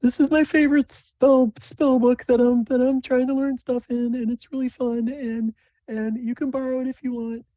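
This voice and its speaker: A man voicing an excitable, gushing young female druid in a tabletop game. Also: moderate pace, no room sound. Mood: bubbly, eager. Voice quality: squeaky and gushing. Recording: dull lo-fi dry recording.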